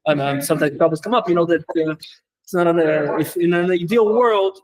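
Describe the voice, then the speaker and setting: A man teaching a Torah class as a rabbi, talking quickly with many fillers and restarts and mixing in Hebrew and Yiddish terms. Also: on the high side, low-quality recording. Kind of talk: lecture.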